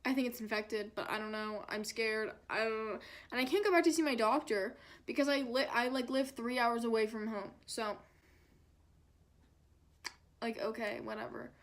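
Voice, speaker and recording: A young woman vlogger recounts her story in a chatty, dramatic style, peppering it with fillers. Her voice sits a little high, and she often drops into a lower, heavier tone for effect. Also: fairly even intonation, normal speed. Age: young adult. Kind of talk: storytime vlog.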